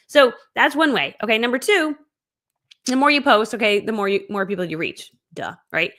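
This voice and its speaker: Hosting an online business training that's streamed live, this woman is energetic and talkative, with lots of laughter. She has a fairly high voice and keeps a moderate pace.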